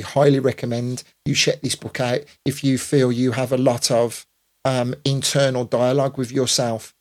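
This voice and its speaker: A man in his fifties, a DJ hosting a casual live stream, rambling with lots of fillers and restarts. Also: medium pitch. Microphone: computer or phone mic on a live stream.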